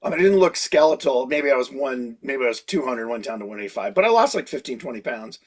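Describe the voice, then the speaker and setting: A man in his sixties, a guest in a casual interview, telling animated stories and laughing often. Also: mid-range voice, quick pace. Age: 60s. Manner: animated storyteller who laughs often and acts out quotes. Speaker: guest creature designer.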